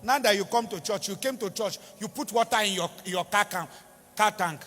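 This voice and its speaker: A man's voice: high-pitched, a little fast, sharp tone. A man with a Nigerian accent preaching a sermon in a church, pleading and repeating for emphasis. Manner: impassioned, pleading, repetitive emphasis. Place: large church hall. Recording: reverberant church hall with music.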